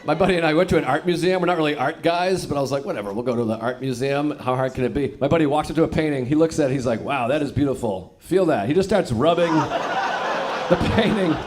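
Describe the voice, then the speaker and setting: Man, stand-up comedian, wry storytelling, slightly high voice, noisy live recording. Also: expressive, quick pace. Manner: wry storytelling punctuated by audience laughter. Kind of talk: stand-up set played as a clip.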